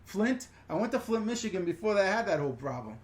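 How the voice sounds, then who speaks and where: Live Q&A host from the New York or New Jersey area, mid-pitched, rambling and chatty, greets commenters loudly. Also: big pitch swings, fast talker. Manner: chatty, rambling, reads viewer comments aloud with bright greetings. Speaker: channel host answering viewer questions. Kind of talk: casual live-stream Q&A.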